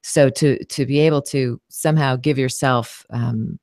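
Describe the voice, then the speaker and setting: A woman's voice: rumbling low, a little slow, darkish tone, no room sound, studio quality. A woman voice actress talking as an interview guest, thoughtful, with many "you know"s and restarts. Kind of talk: casual interview conversation.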